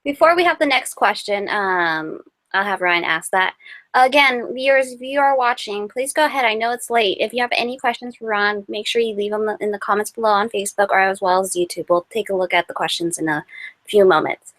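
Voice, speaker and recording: A woman's voice: medium pitch, fairly quick, a bit bright, dry recording. Upbeat giggly woman hosting a stream. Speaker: host.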